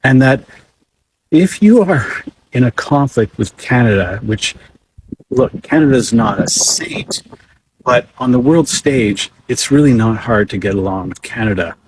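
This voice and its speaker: A man giving measured, wry political commentary. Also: medium pitch, lively intonation, a little hiss or hum, poor audio.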